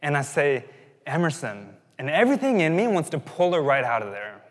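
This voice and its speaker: A man's voice: on the high side, big pitch swings, fast talker. A man in his thirties preaching a sermon, telling a personal story in a casual, conversational way that keeps circling back and then builds to emphatic peaks. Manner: conversational, self-interrupting, rising to emphatic peaks. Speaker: pastor. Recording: long hall reverb.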